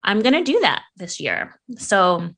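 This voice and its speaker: A young woman chatting casually with a friend, animated and quick to laugh, swearing freely. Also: medium pitch, gravelly. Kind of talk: casual chat.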